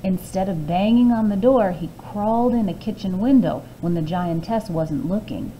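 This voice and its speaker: A woman librarian reading a fairy tale aloud to children, expressive with hushed asides. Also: mid-range voice, normal speed, hardly any pauses, a little hiss or hum, rough recording.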